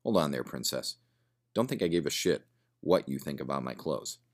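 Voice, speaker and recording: A man doing a gruff, sardonic barfly. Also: extremely low pitch, lively intonation, normal speed. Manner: sardonic, swearing, rambling. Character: gruff cynical man drinking in a bar.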